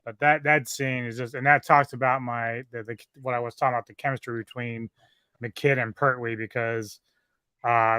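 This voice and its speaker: A man's voice: mid-range voice, a bit bright, clean tone, no room sound. A man, a podcast guest, chattily recapping film scenes in casual, profane talk. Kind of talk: casual movie discussion.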